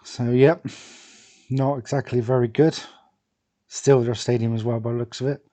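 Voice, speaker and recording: Mellow-voiced man musing over a game. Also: mid-range voice, steady tone, moderate pace. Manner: rambling, thinking aloud with many fillers. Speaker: gaming video creator. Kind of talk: casual commentary over a football management game.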